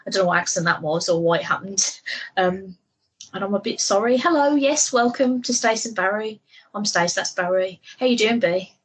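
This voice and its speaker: A woman's voice: medium pitch, normal speed, breathy edge, low-quality recording. A woman co-hosting a podcast in casual, giggly, rambling chat. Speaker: podcast co-host.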